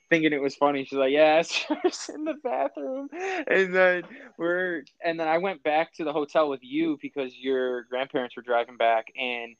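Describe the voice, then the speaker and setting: A man's voice: mid-range voice, no echo, lo-fi sound. A young man hosting a casual chat, telling rambling stories with slang and frequent laughs. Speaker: podcast host.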